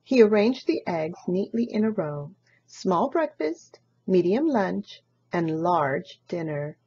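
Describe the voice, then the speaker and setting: A woman reading a children's picture book aloud in an expressive storytelling manner. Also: on the low side, slow, breathy edge, dull audio. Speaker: storybook reader.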